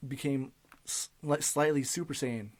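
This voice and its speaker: A young man co-hosting a casual podcast chat, talking in a relaxed, hesitant way with pauses and light laughter. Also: medium pitch. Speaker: podcast co-host.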